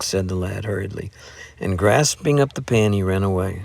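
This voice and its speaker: A man reading a story aloud as narrator, in a measured, even storytelling manner. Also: sits low, vocal fry. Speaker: audiobook narrator. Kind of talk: scripted narration.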